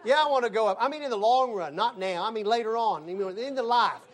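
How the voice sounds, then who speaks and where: A man's voice: high-pitched, quick pace. A man teaching a conversational Bible lesson as a Sunday school teacher, telling stories and acting out the dialogue. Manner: animated storyteller acting out dialogue.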